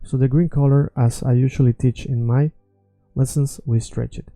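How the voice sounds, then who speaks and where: A man's voice: medium pitch, moderate pace, no room sound, soft background music. A man who is not a native English speaker, confidently explaining a language lesson online. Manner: confident, self-assured, animated explanations. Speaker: language teacher.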